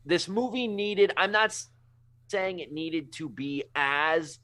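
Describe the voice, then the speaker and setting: A man hosting a movie podcast, giving opinionated reviews with quick quips in casual chat. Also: fairly high pitch, fairly even intonation, sharp tone. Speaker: podcast host.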